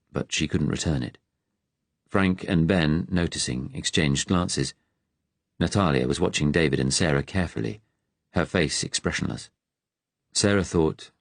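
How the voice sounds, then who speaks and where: A man reading a novel aloud in measured, even-toned narration. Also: rumbling low, no echo. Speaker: audiobook narrator. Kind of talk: scripted audiobook narration.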